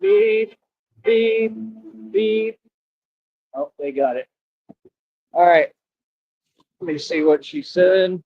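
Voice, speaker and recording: In dull lo-fi stream audio with no echo, a man with a fairly high pitch speaks slowly and pauses often. He's livestreaming outdoors by traffic, rambling preachily and repeating his requests for viewer donations in casual talk.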